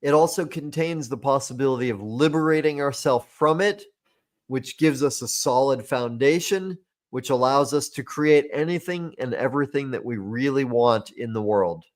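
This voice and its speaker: A man's voice: medium pitch, moderate pace. A man, a personal growth coach, explaining his method step by step in a podcast conversation, using homely metaphors.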